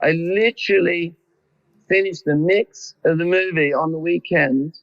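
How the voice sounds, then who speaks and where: A man's voice: a little high, measured pace, creaky, muffled recording. An Australian man interviewing a guest, effusive and rambling as he builds his questions. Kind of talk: conversational interview.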